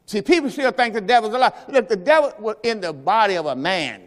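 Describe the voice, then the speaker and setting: A man with a high-pitched voice teaches a sermon, talking loosely and quizzing the congregation as he goes. His voice rings out with a long reverb in a church sanctuary. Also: expressive, brisk. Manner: conversational preaching, quizzing the congregation. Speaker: pastor.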